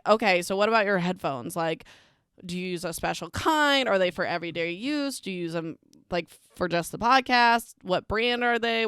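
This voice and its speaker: A young woman chats through a book recap with an eye-rolling, sarcastic edge, tossing in "like" and "whatever" at every turn. Her voice is smooth and clean, sitting at an ordinary middle pitch, and it is recorded dry and close with no room sound. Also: fairly bright tone, no echo. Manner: sarcastic, dismissive, heavy use of "like" and "whatever". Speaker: podcast host.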